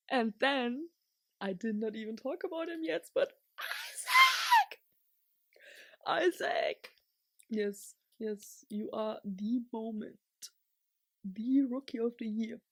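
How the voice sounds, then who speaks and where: A young woman vlogs in a rambling, excitable way, laughing often and dropping to whispers before bursting into shouts. Her voice sits a little high and she talks at an unhurried pace. The sound is dry and close. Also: no room sound. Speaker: vlogger. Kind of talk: casual chatty recap.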